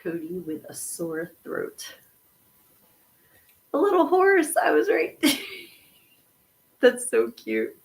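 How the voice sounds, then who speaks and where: A woman's voice: on the low side, huge pitch swings, slow, creaky, pauses often, low-quality recording. A woman hosting a casual livestream podcast, giggling as she reads corny jokes from the chat. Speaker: podcast host.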